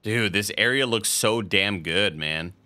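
A man chatting through a game stream in a fairly low voice with a bright, forceful edge. His talk is loose and casual. He swears freely and laughs a lot as he plays. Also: a little slow, no room sound. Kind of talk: casual gameplay commentary.

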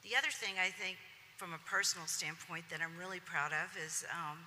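A woman reflects slowly and carefully, with the odd filler as she thinks. Her voice is very bright and forceful. It echoes through a large hall over a faint hiss. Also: lowish voice. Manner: measured and reflective, with filler words. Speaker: panelist, senior civilian leader. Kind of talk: reflective panel talk.

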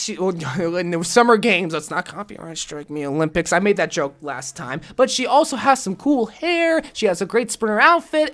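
A young adult woman, a gaming YouTuber, giving casual video game commentary in an excitable, jokey way with self-mocking asides. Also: medium pitch.

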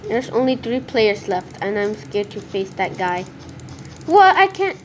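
A woman commenting on her own gameplay as she plays, talking to herself in an excitable, nervous way. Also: mid-range voice, moderate pace, slight background noise. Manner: excitable, nervous self-talk. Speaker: gaming video creator.

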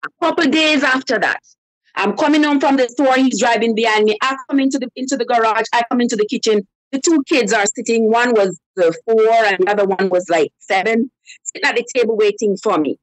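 A woman tells her story on a call-in show in a high, animated voice. She slips into the voices of the people she quotes. The sound is dry and close. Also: fairly quick, dry recording, low-quality recording. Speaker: caller. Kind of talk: telling a personal story on a live call-in show.

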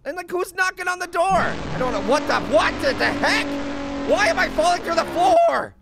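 A squeaky gravelly cartoon orange. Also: male voice, very animated, moderate pace, loud music behind the voice, exaggerated voice. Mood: alarmed. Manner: rambling, exclaiming, self-talking. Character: wisecracking talking orange, male, small, hyper. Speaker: gaming host. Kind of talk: cartoon let's play commentary.

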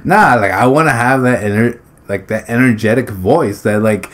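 A man's voice: medium pitch, moderate pace, hardly any pauses, a bit bright. Rambling man commentating his gameplay. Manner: rambling, swears freely, laughs between phrases; blurts exclamations during play. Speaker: gaming YouTuber. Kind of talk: casual commentary over gameplay.

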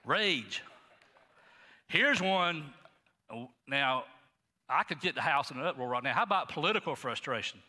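A middle-aged male pastor preaching a sermon in a folksy, animated way, talking straight to the congregation. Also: fairly high pitch, a little slow, long pauses, in a large hall. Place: church sanctuary.

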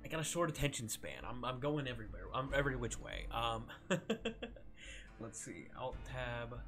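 A young man streams a modded game over soft background music, speaking at normal speed in a mid-range, fairly bright voice. His chatter is loose and self-mocking, with plenty of laughter, swearing, and yelps when something startles him.

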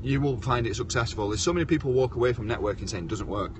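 A man with a mid-range voice hosts a casual live-stream chat, talking very fast. He speaks bluntly and swears now and then, with faint background noise in the recording.

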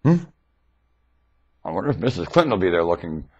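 A man rambling excitedly into his webcam microphone, jumping between thoughts. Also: deep voice, fairly quick, breathy edge, muffled recording. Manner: rambling, excitable, often laughing.

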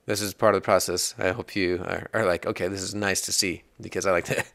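A man's voice: low-pitched, level tone, quick pace, gravelly, fairly bright tone, no echo. A man hosting a casual coding tutorial, chatting and rambling as he works, laughing at bugs along the way. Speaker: iOS developer tutorial host.

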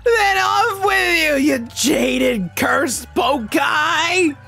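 A cursing demon from a video game, pitched far above his own voice and swooping wildly as it hams up every threat. It drawls its taunts slowly and bursts into shouts, with faint music underneath. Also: expressive, creaky, heavily acted. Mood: gloating. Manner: hammy, drawn-out villain gloating with shouted taunts. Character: gloating cursed-chest demon, male, theatrical and cruel. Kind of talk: video game dialogue read-along.

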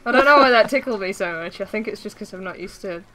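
A woman's voice: medium pitch, rough recording. A woman co-hosting a gaming podcast, chatting casually while playing online, giggly and teasing.

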